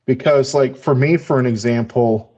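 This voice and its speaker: A man's voice: mid-range voice, moderate pace, mellow, highs cut off. An American man hosting a casual chat who talks in a profane, rambling way and laughs often. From United States. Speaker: podcast host.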